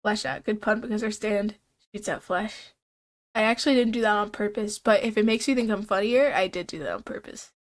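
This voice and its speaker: A woman's voice: mid-range voice, fairly even intonation, a little fast. Young woman streamer, congested and nasal-sounding, loose rambling chat. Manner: chatty, rambling, laughs often.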